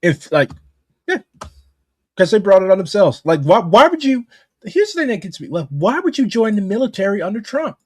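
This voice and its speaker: A man's voice: sits high, sing-song, brisk, slightly rough, no echo. An American man in casual political chat, talking bluntly and profanely in heated rants. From United States.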